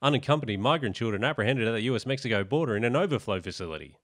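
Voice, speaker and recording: An Australian man hosting a podcast, measured and wry, reading headlines aloud. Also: medium pitch, expressive, fairly bright tone. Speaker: podcast host. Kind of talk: casual podcast commentary.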